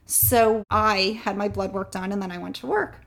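A woman's voice: mid-range voice, normal speed, vocal fry, fairly bright tone. A woman in an interview, candidly telling a long personal story and getting choked up at times. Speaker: guest sharing her fertility story.

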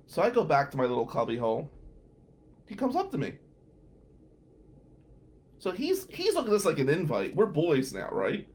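Animated man telling a story on the radio. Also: on the high side, normal speed, pauses often. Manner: animated, chatty, full of "like" fillers. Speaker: radio show host. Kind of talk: casual storytelling monologue.

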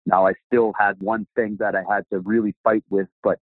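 A man's voice: fairly low pitch, flat delivery, brisk, no echo. A man as a guest, telling a personal testimony animatedly and acting out the dialogue. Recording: dry, phone-like line.

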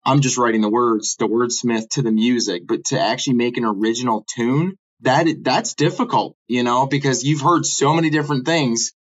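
Relaxed rapper, dull lo-fi sound. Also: male voice, mid-range voice. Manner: relaxed, uses filler phrases. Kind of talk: casual group discussion.

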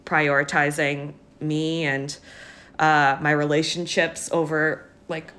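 A young woman with a somewhat low voice talks in a loose, halting podcast chat. She is teary, full of fillers and restarts, and laughs now and then through the tears. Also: little pitch movement, a bit bright. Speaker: podcast co-host. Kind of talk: casual chat.

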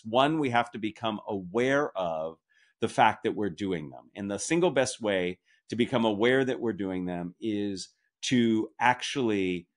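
A middle-aged man answering as a podcast guest, methodical and explanatory, who sums up his points at the end. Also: on the low side. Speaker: communication author and guest.

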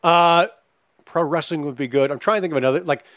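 A man's voice: on the high side, fast talker, no echo, clean studio sound. A man hosting a casual podcast chat, swearing freely and reading out listener questions. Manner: animated, profane, reads listener questions. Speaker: podcast host.

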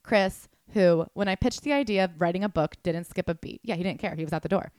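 A woman co-hosting a chatty podcast, talking at a quick clip with a jokey, animated manner. Her voice sits mid-range, and the recording is close and dry with no room sound. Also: lowish voice, dry recording. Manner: fast, animated, jokey, reads quotes aloud. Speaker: podcast co-host. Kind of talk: casual chat.

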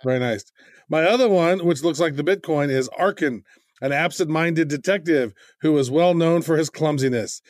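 A man with a fairly high, slightly mellow voice co-hosts a podcast, chatting casually and enthusiastically at normal speed. The recording is dry, with clean studio sound.

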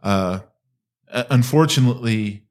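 A man from Utah, a diagnostics instructor and guest, talking in a measured, dry way. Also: mid-range voice, a little mellow. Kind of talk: casual interview.

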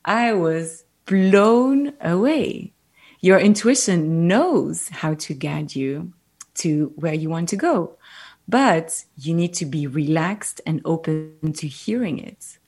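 A woman with a French accent, a guest on a podcast, telling stories animatedly and giving gentle, reflective advice. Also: low-pitched, slow pace, husky. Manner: animated storyteller, gentle and reflective when advising. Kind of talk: casual interview chat.

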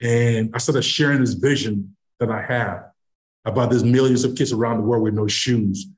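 A middle-aged man from Nigeria tells a long personal story as a podcast guest. His voice sits in an everyday middle pitch, and he acts out the lines he quotes from other people as he tells it. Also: moderate pace. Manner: animated storyteller who acts out quoted dialogue. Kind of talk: storytelling anecdote.

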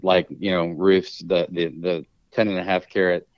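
Halting low-voiced man, muffled audio. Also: steady tone, dry recording. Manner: halting, many restarts and fillers. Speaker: appraiser and auctioneer. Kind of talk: conversational podcast interview.

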